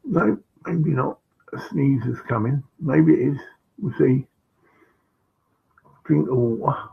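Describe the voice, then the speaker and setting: A man recounts an old story in a slow, meandering way, stopping for asides and fillers. His voice is gravelly and a little husky, heard through a dull, lo-fi recording. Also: mid-range voice. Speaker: vlogger. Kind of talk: rambling personal anecdote.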